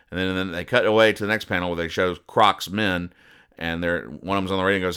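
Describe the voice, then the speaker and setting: Deadpan male podcast host, low and bright, smooth delivery, walks through comic strips. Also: normal speed. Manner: deadpan, explains each joke. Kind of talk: casual comic-strip recap.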